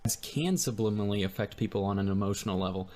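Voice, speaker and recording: A man's voice: lowish voice, darkish tone. Earnest Canadian man narrating. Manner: earnest, measured explanatory delivery. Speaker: video essay narrator. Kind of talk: scripted narration.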